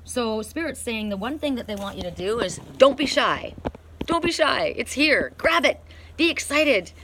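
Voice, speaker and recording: A middle-aged woman doing an oracle card reading outdoors in the cold, talking earnestly and emphatically with bursts of excitement. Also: a little high, moderate pace, a little hiss or hum.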